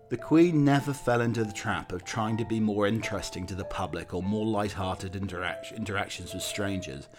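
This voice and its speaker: A man narrating from a script in a steady, measured reading voice with occasional slips. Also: fairly low pitch.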